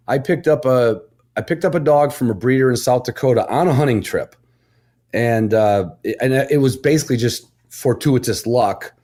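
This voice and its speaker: A man's voice: medium pitch, warm tone. Talkative man telling stories, chatty. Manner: talkative storyteller, laughs often. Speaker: podcast guest, dog judge and host. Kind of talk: casual podcast chat.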